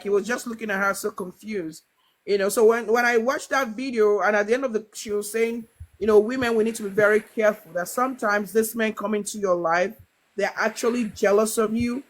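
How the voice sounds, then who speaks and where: A woman's voice: medium pitch, fairly even intonation, a little fast, rough recording. A woman hosting a livestream, casually retelling a story to viewers, rambling with many fillers and restarts and acting out the quoted dialogue. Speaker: livestream host.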